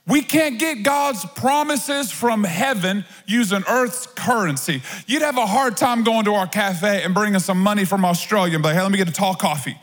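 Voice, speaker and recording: A man's voice: high voice, moderate pace, hardly any pauses, fairly bright tone. A man preaching a sermon as pastor, in a conversational, playful way with asides. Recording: long hall reverb.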